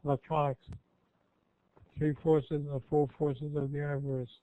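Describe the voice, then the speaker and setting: An older male guest speaker rambles through an informal Q&A with students, folksy and often correcting himself. His voice sits a little high with little pitch movement and a moderate pace. There's no room sound, but the line is tinny, like a phone.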